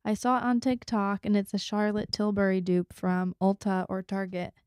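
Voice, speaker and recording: A woman's voice: mid-range voice, flat delivery, moderate pace, darkish tone, clear, resonant tone, dry recording. Woman, podcast co-host, easygoing chat, dry mic.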